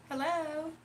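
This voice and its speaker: A woman's voice: high-pitched, a little hiss or hum. A woman hosting a casual livestream, reading chat comments aloud and laughing often. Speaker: livestream host.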